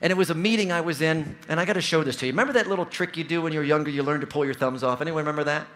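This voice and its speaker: Talking very fast in a slightly high voice, this Ohio man in his forties gives an energetic, story-driven motivational keynote. He stands on a large convention hall stage and speaks straight to the big audience.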